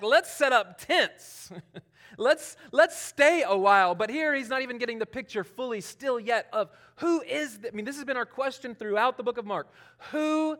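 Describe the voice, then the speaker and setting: A man preaching a sermon in a conversational, animated way, acting out what people say. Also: very high-pitched. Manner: conversational, animated, acts out quotes, laughs often. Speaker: pastor.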